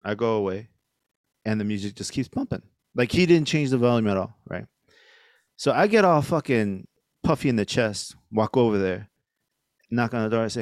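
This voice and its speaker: A man's voice: on the low side, expressive, moderate pace, long pauses, no echo, studio quality. A middle-aged man, a podcast guest, telling a story casually with lots of fillers and swearing. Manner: rambling, profane, lots of fillers.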